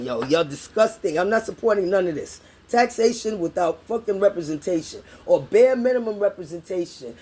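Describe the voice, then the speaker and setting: This political vlogger, a middle-aged woman from New York, has a slightly high, somewhat mellow voice with a bit of roughness. She fires off a furious, foul-mouthed political tirade, hammering points through repetition and addressing her audience as y'all.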